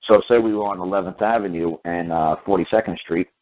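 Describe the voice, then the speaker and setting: A man's voice: low-pitched, steady tone, quick pace. A middle-aged man hosting a radio talk show, telling stories bluntly and often repeating and restarting himself. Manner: blunt storytelling with frequent repetition and restarts. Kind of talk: casual call-in radio talk. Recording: tinny phone-line audio.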